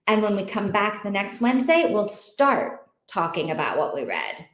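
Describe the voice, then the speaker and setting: A woman hosts an online reading group as a casual livestream chat, thinking aloud with lots of fillers. Her mid-range voice swoops wildly in pitch at a normal speed, and the sound is roomy.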